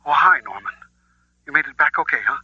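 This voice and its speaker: A man's voice: on the high side, brisk, husky, no room sound. A man doing a cool, evasive woman scientist. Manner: calm, matter-of-fact, defensive when pressed. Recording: dull lo-fi audiobook recording.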